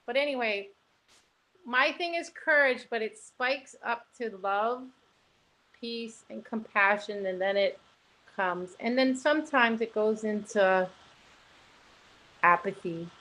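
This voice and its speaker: Earnest, rambling woman, higher voice. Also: slow, long pauses, a bit bright, rough recording. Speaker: co-host. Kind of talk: casual spiritual chat over video call. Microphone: video call.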